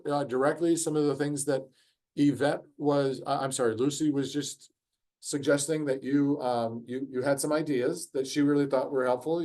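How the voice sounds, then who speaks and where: A man leads a group discussion in an online course, talking over a video call. His voice sits at an everyday middle pitch. He speaks conversationally, with plenty of ums and uhs. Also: a little mellow. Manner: conversational, frequent fillers. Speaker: course facilitator.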